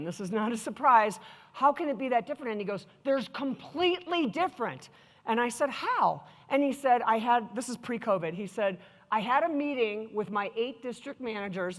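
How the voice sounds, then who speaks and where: Chatty woman speaking in an echoey hall. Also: fairly high pitch. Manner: lively, chatty storytelling, engaging the audience. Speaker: keynote speaker. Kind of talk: live keynote talk.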